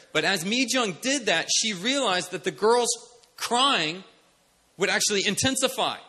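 A man preaching a sermon, animated, shifting from soft mimicry to loud commands. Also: sits high, a little slow, breathy edge. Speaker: pastor.

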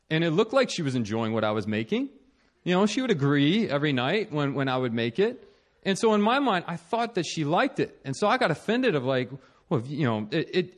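A young man with a slightly higher voice tells a personal story about married life. He pokes fun at himself, stumbles over his words and restarts a lot, and keeps the telling lively. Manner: animated, self-mocking, many restarts and laughs. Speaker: speaker sharing a marriage story.

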